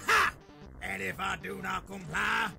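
A man voicing a gruff, hot-tempered male colonel who bellows and curses theatrically. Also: high voice, lively intonation, a little slow, loud music behind the voice, full character voice. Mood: blustering.

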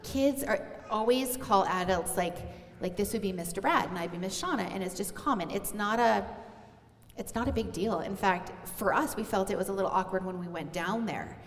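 A woman's voice: medium pitch, moderate pace. Woman, middle-aged, earnest and heartfelt, conversational sermon, church hall reverb. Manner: earnest, heartfelt, addressing moms directly. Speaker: pastor's wife sharing on stage. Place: church auditorium.

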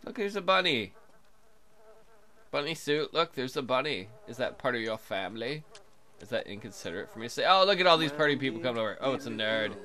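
A man's voice: mid-range voice, sing-song, fairly quick, sharp tone. A man hosting a casual let's play, joking crudely and chatting to the characters on screen as he plays. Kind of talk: casual game commentary.

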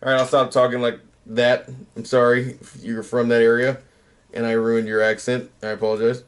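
A man's voice: medium pitch, level tone, moderate pace. Rambling man in his thirties, easygoing. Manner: rambling, self-mocking, trails off. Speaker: YouTuber. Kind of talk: casual late-night chat.

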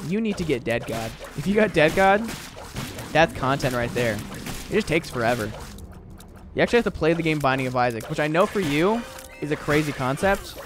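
A man in his twenties casually chatting with his chat while playing a video game. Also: a little high. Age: 20s. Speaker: gaming streamer. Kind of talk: casual live stream commentary.

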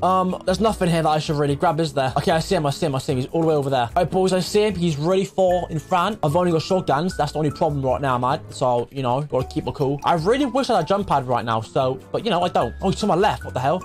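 A young man giving live commentary over his own gameplay, swinging from muttering to excited shouts. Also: fairly high pitch, fast, few pauses, faint music behind. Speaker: gaming streamer.

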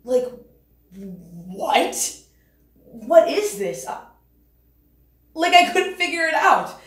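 A woman's voice: high-pitched, very animated, extremely slow, reverberant, full character voice. A young woman acting in a stage monologue, playing a laid-back stoner who rambles and swears. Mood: rambling. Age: young adult. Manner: rambling, loose and profane. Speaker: student actor.

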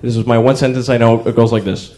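A young man performing a stand-up comedy set, telling wry stories with sudden yells. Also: medium pitch, little pitch movement, fast. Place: comedy club stage before a live audience. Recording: crowd laughter behind. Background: audience laughter.

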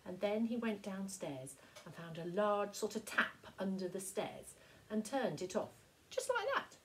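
A woman's voice: mid-range voice, a little hiss or hum, low-quality recording. Woman teacher reading a picture book aloud. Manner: expressive, slow storytelling. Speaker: primary school teacher.

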